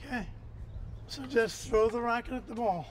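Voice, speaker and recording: A man with a high-pitched voice coaches a tennis student outdoors. He talks calmly and encouragingly, with gentle teasing. Faint background hiss sits under his words. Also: normal speed. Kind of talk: on-court instruction.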